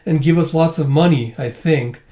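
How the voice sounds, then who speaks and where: A small, excitable girl from a comic, cheeky and a little scheming , voiced by a man. She squeaks in a high, childish pitch, mellow rather than sharp. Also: normal speed, close to an everyday voice.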